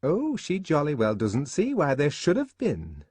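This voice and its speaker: A man reading an audiobook, voicing a prim, gossiping young woman who scolds in a shrill, sing-song way. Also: huge pitch swings, measured pace, mellow, breathy edge, no echo, heavily acted. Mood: scolding.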